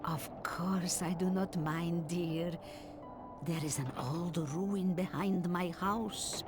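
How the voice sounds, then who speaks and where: A slow, soft-spoken old woman hermit, gentle and wise, in a fairly low voice. Her unhurried lines sit over game music. She sounds kindly and patient. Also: fairly even intonation. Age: older. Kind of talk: game voice acting.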